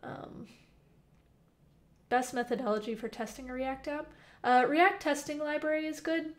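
A woman's voice: high voice, moderate pace. A young woman hosting a casual live coding stream from home, reading chat aloud and answering questions with plenty of fillers. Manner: chatty, reads chat aloud, many fillers. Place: temporary home. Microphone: headphones with mic.

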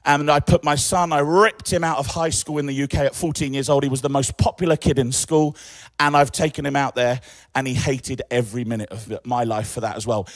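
An English man in his forties, emceeing an event with lively, joking stage talk. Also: medium pitch, fairly quick, no room sound. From England. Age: 40s. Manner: animated, joking, chatty.

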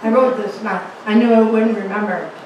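A 100-year-old woman giving a halting, emotional thank-you speech at her own birthday party. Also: medium pitch, fairly even intonation, dull audio. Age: 100 years old. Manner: halting, emotional, repeats words. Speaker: birthday guest of honor. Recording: echoey room from far off with noise.

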